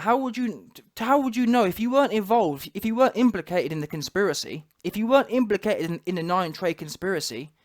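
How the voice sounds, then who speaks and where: Emphatic man, high voice. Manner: emphatic, repeats rhetorical questions. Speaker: commentary channel host. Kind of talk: talking-head commentary.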